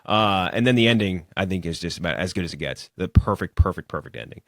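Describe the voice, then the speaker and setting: A man's voice: low-pitched, animated, fast, no room sound, studio quality. A man co-hosting a movie podcast, talking enthusiastically about a favorite film with plenty of swearing. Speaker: podcast co-host. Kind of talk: casual movie chat.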